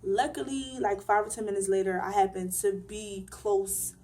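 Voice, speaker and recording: Young woman, casual storytime vlog, animated emphatic delivery, everyday pitch. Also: normal speed. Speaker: vlogger.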